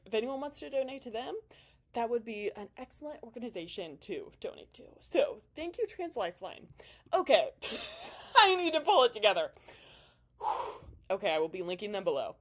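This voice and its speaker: A young woman hosting her own video blog, talking casually with frequent laughs and an openly emotional, chatty manner. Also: medium pitch. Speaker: bodybuilding vlogger. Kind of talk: casual talking-head commentary.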